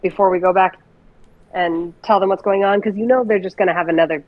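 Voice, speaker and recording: A woman's voice: mid-range voice, quick pace, muffled recording. A woman playing a tabletop game, chatting in a rambling way. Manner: rambling, animated. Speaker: player. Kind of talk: casual tabletop game chat.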